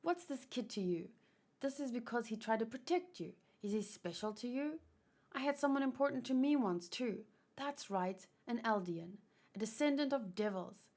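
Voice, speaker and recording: A woman's voice: a little high, lively intonation, normal speed, darkish tone. A woman voicing a heartbroken young male cook who speaks bitterly, in a manga read-aloud.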